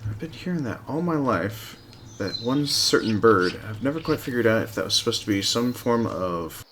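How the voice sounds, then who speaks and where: A man's voice: mid-range voice, animated, moderate pace, background noise. A man streaming a hunting game live, giving casual gameplay commentary with rambling, self-mocking asides.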